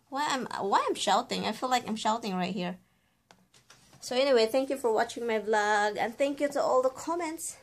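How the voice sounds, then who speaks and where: A woman's voice: on the high side, normal speed. A woman from the Philippines, chatting casually in a rambling, self-correcting way as she vlogs at home. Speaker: vlogger. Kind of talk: casual chat. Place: at home, indoors.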